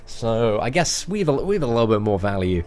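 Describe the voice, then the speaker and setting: Chatty young English man, lively pitch. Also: normal speed, faint music behind. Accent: English, fairly posh. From England. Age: 20s. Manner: chatty, answers viewer questions, often says "man". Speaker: live-stream host. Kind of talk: casual live-stream Q&A.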